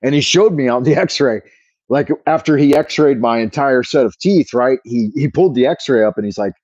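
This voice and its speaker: A man's voice: mid-range voice, normal speed, darkish tone, no room sound. A man hosting a livestream, telling an exaggerated, profane story in a rambling way over a wireless earbud mic. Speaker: livestream host. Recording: dull dry earbud mic sound.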